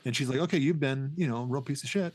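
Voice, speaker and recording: Fast-talking middle-aged man rambling about a film. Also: mid-range voice, darkish tone. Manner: rambling, restarts often, acts out scenes. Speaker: podcast co-host. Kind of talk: casual film review chat.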